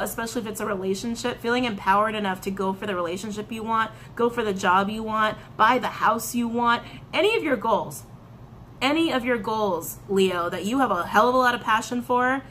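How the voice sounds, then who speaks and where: A woman reading tarot and crystal meanings, animated, repeating her phrases and breaking into excited outbursts. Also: medium pitch, slight background noise. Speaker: tarot reader.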